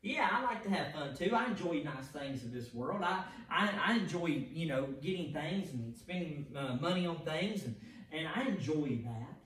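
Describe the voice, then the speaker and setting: A man's voice: on the high side, expressive, normal speed, fairly bright tone, slight background noise. A man preaching an evening sermon in an emphatic style, often repeating words and restarting phrases. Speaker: pastor. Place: church sanctuary. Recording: echoey church heard from a distance.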